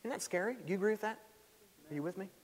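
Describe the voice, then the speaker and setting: A man preaching a sermon in a church sanctuary, telling stories in an animated way and rising loud when stirred. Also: high voice, racing. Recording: echoey hall.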